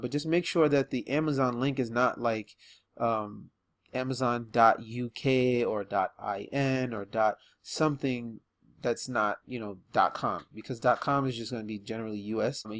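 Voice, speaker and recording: Man, Arabic reading teacher, casual and chatty, many ums, loud emphatic letter sounds. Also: medium pitch, normal speed. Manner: relaxed and chatty, with frequent ums. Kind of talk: beginner Arabic lesson video.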